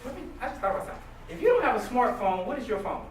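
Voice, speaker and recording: A man giving an animated, joking motivational talk to a live audience, often quizzing the crowd. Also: high voice, racing. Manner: animated, jokey, questions the crowd. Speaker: motivational speaker. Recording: distant echoey room recording with noise.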